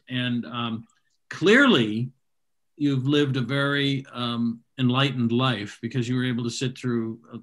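A man's voice: mid-range voice, fairly bright tone, rough recording. A man hosting a small comedy night, wrapping up with wry, self-deprecating jokes to a live audience. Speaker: comedy show host. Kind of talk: joking stage banter.

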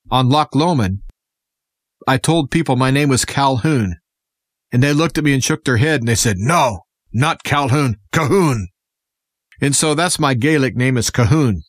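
A man's voice: medium pitch, no room sound, clean studio sound. A man guest-presenting a radio segment, talking in an earnest, impassioned way as he addresses listeners. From United States. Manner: earnest, impassioned political speaking. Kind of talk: scripted radio monologue.

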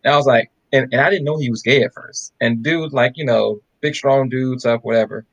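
A podcast co-host tells stories in a casual chat, animatedly acting out the voices of the people he quotes. His voice is medium-pitched and brisk, and the recording has its highs cut off.

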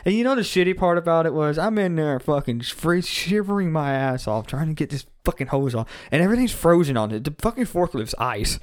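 A man who works as a forklift mechanic, telling work stories in a casual, profane, animated way and calling the other speaker "dude". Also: a little high, a little fast, few pauses. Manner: animated storyteller, heavy swearing, says "dude" often.

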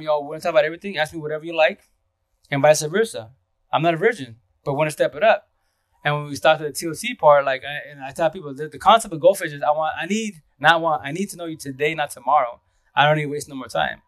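Fast-talking man on a casual live stream. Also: fairly high pitch, dry recording. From Seattle area. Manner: fast, rambling talk with restarts. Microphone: phone.

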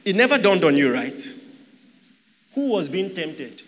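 A man's voice: high voice, very animated, unhurried, a bit bright. A man preaching a sermon, asking the congregation rhetorical questions and joking with them. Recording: long hall reverb.

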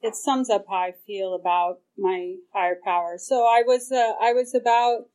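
A woman's voice: mid-range voice, moderate pace, a little mellow, low-quality recording. Woman, middle-aged, recovery meeting speaker, candid, swears freely, mid-range voice. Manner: candid, profane, acts out her own past reactions. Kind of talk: personal recovery story at a meeting. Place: meeting hall.

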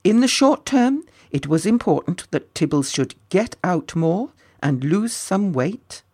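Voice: medium pitch, very animated, measured pace, a little mellow, breathy edge. A storyteller reading a children's story aloud, with playful, chatty asides to the listeners. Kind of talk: storybook narration.

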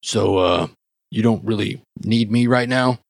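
Man doing lazy orc guard, low-ish, offhand, dry close sound. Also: a little slow, gravelly, dry recording.

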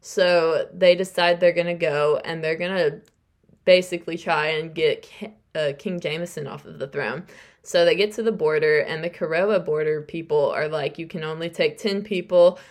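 A young adult woman hosts a podcast, her voice sitting low with a steady tone and moderate pace. She chattily recaps a novel's plot, acting out the characters' lines while retelling it.

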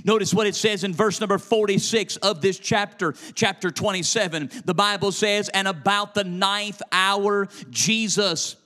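A male preacher delivering a sermon in a chanting, sing-song cadence that swells into shouts. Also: high-pitched, fairly even intonation, moderate pace, few pauses.

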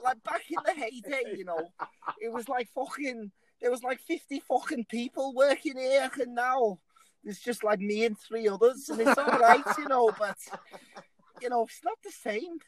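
A man's voice: very high voice, moderate pace, fairly bright tone, pitched above the performer's own voice, low-quality recording. A man voicing a weary middle-aged Liverpool factory worker who rambles wistfully in a Liverpool accent.

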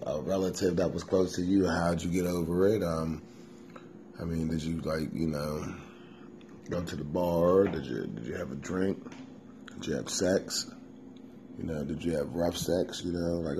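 A man's voice: deep voice, warm tone, a little hiss or hum. A man, a comedian hosting his own podcast, talking in a loose, rambling monologue from his home kitchen and swearing constantly. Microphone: simple home setup, self-recorded.

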